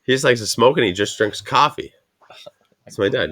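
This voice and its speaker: A man's voice: medium pitch, normal speed. A man, telling a rambling story full of swearing as a podcast host. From Canada. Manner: rambling, swears constantly, animated retelling. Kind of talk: casual profane storytelling.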